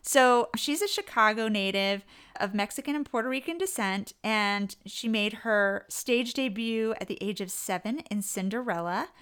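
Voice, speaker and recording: A woman's voice: mid-range voice, expressive, moderate pace, a bit bright, clear, resonant tone. A woman co-hosting a podcast in casual chat, chatty and reading out actor bios. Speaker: podcast co-host.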